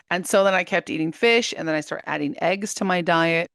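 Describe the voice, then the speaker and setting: Interview guest: woman, 30s, low-pitched, animated storyteller who laughs easily, close dry mic. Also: a little fast, hardly any pauses, dry recording. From United States. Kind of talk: casual interview talk.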